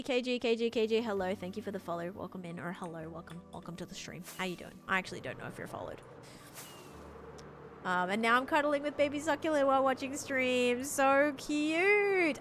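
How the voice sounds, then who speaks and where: An Australian woman chats easily with her stream audience while she builds, greeting followers and thinking out loud. Her voice sits at a middle pitch, with soft music playing faintly underneath. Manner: chatty, talks to chat while building. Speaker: live streamer. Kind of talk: casual live-stream chat while playing.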